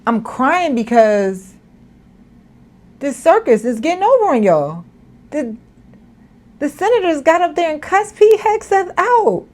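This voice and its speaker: A woman co-hosting a casual commentary chat, animated and laughing, with mock-outraged asides. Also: sits high, measured pace, pauses often. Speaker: podcast co-host.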